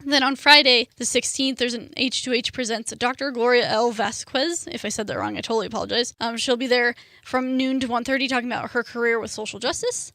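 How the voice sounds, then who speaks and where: A woman's voice: a little high, brisk, few pauses, sharp tone, dry recording, clean studio sound. A young adult woman hosting a student radio show, talking casually with lots of fillers like "like" and "um". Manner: chatty, lots of "like" and "um".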